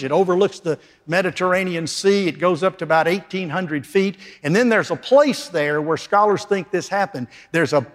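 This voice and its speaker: A man preaching a sermon, emphatic, dropping from loud declarations to hushed lines. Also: sits high. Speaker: pastor. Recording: long reverb of a large hall.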